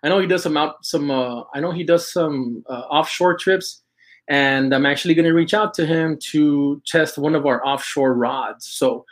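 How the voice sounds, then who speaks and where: A man chatting on a live stream, his voice sitting at an ordinary middle pitch. He starts and restarts his sentences and repeats words as he goes. He slips the odd Spanish phrase into his English. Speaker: host of a live stream for an apparel and fishing brand. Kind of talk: casual live-stream chat with shout-outs.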